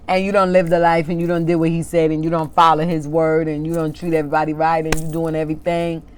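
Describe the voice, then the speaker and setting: A woman with a low voice preaches an informal sermon. She lingers over each word when she reads scripture, then turns impassioned and pointed, arguing with the people she is preaching to. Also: darkish tone. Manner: impassioned, talks back to an imagined congregation, laughs at herself; reads scripture slowly and deliberately.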